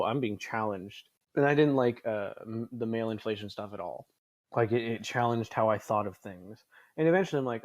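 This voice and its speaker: A man's voice: mid-range voice, dry recording. A man in his twenties hosting a casual podcast chat, rambling, swearing often and laughing a lot. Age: 20s. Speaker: podcast host.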